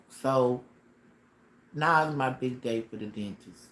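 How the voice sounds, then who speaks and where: A man telling a personal story on a casual livestream, dramatic and animated, with slang and sound effects. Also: mid-range voice, takes it slowly, long pauses. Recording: roomy echo with faint ambience.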